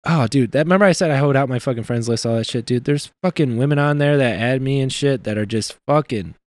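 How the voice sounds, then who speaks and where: A man's voice: medium pitch, fast, a little mellow, no room sound, clean studio sound. A young man in casual, crude banter, rambling and swearing as he tells stories. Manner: profane, rambling storyteller who acts out quotes.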